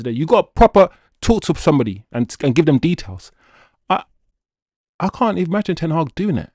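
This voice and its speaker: A man's voice: on the high side, brisk, no room sound, studio quality. A man hosting a football livestream, chatting casually and playfully with his viewers and reading their comments aloud. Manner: animated, playful, addresses chat directly. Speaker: football channel host reading chat.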